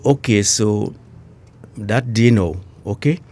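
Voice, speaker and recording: Emotional older Trinidadian man, dark voice. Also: fairly low pitch, slow pace. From Trinidad and Tobago. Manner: emotional, repeats himself, local slang. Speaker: retired police inspector, guest. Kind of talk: emotional interview recollection.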